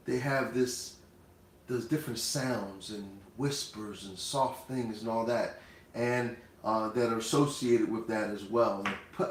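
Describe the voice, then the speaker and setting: A man's voice: mid-range voice, a little hiss or hum. A man hosting a cooking livestream, talking casually and speaking directly to his viewers. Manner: conversational, addresses viewers directly. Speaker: cooking show host. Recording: roomy echoey room.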